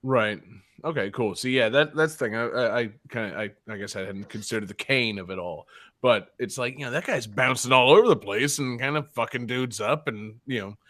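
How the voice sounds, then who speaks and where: A man's voice: mid-range voice, fairly quick, a bit bright, dry recording, clean studio sound. A man hosting a podcast in a casual, joking chat, swearing freely. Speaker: podcast host.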